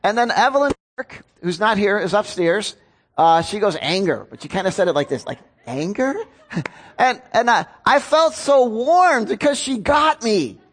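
A pastor preaches in a casual, conversational way, tossing questions out to his congregation. His voice sits on the high side for a man, and he pokes fun at himself as he talks. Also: sing-song, normal speed, a bit bright. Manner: conversational, self-deprecating, asks the congregation questions. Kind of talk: sermon.

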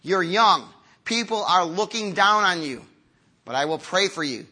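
A man in his fifties preaching a sermon to a congregation, earnest and conversational, moving from quiet, slow lines to emphatic ones. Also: sits high, expressive. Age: 50s. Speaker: pastor.

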